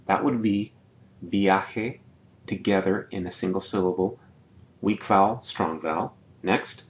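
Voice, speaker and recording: A man teaching a slide-based video lesson, patiently explaining and repeating each example word slowly. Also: low voice, lo-fi sound. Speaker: Spanish teacher.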